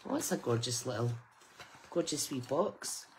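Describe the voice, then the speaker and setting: A woman's voice: a bass voice, animated, normal speed, darkish tone, slight background noise, rough recording. Gushing woman opening gifts. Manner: gushing, exclaiming with delight. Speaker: craft channel host. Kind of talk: casual unboxing chat.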